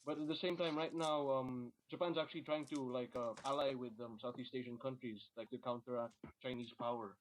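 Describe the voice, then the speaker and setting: A man's voice: mid-range voice, fairly even intonation, fairly quick, hardly any pauses, slight background noise. A man from the Philippines chatting casually as a guest, hesitant and full of ums and likes. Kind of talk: casual chat. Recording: dull lo-fi call audio.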